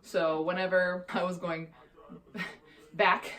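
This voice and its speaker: A young woman with a slightly low-pitched voice tells a storytime vlog in a candid, exasperated way. She swears freely and keeps things casual and chatty. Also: level tone, slow, a bit bright. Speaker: vlogger.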